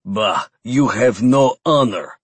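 A man voicing a huge, proud old male vampire who speaks slowly in stiff, broken phrasing. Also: medium pitch, lively intonation, husky, no echo. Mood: scornful. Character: hulking ancient male vampire, proud, scornful.

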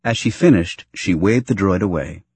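A man narrating a novel aloud in an expressive storytelling way. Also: sits low, moderate pace, breathy edge, dry recording. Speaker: audiobook narrator. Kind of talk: scripted narration.

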